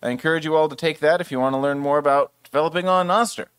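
A man's voice: a little high, fast, a bit bright, clear, resonant tone, no echo. A man casually presenting at a developer meetup, rambling a bit with fillers.

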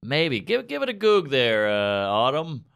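An animated man chatting as a podcast guest, his pitch jumping up and down as he tells stories. He swears freely and jokes fast in relaxed banter. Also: creaky, smooth. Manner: animated, profane, quick jokes.

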